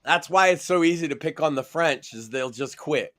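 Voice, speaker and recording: A man's voice: on the high side, moderate pace, fairly bright tone. A man co-hosting a podcast, brash and profane, mocking people with put-on voices in crude comedic banter. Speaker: podcast co-host.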